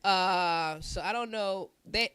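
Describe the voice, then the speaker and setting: A middle-aged woman co-hosting a podcast in casual chat. She talks in an animated, slangy, profane way and laughs often. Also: mid-range voice, slow pace, clear, resonant tone, no echo. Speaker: podcast co-host.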